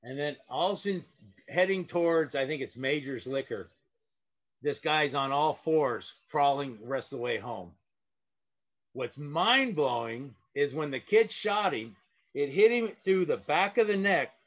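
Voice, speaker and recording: Man, guest storyteller, higher-pitched, rambling and filler-heavy; dull recording. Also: animated, a little slow. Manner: rambling, with frequent fillers and restarts. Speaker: guest, parking lot sweeper. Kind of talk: casual anecdotal storytelling.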